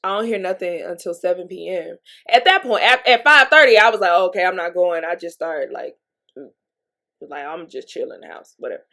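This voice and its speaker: A woman's voice: fairly low pitch, animated, a little fast, a bit bright. A woman vlogger telling a personal story in a candid, chatty way, laughing between lines and sniffling from allergies, with a Southern US accent. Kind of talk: casual storytelling monologue.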